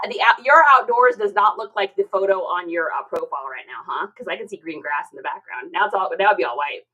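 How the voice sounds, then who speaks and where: A middle-aged woman hosting a casual live stream, chatting and reading out viewer comments in an expressive way, with many fillers and repeated words. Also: lowish voice, rough recording.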